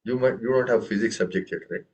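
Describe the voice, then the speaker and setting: In this online group music lesson, a man with a mid-range voice teaches tabla at a quick pace, the audio poor. He questions his students repeatedly and voices the drum syllables with a strong accent on the first one.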